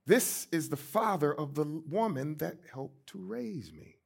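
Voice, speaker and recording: A middle-aged man from St. Louis, a pastor giving a storytelling sermon, emphatic and swinging between soft and loud. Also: on the high side, expressive, measured pace, gravelly, breathy edge. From St. Louis, USA.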